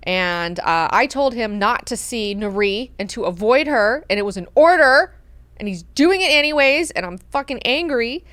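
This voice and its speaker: A woman voicing a furious ancient male god-emperor who rants loudly and swears. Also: medium pitch, animated, moderate pace, clear, resonant tone, no echo, lightly acted. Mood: ranting. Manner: ranting, profane, loud.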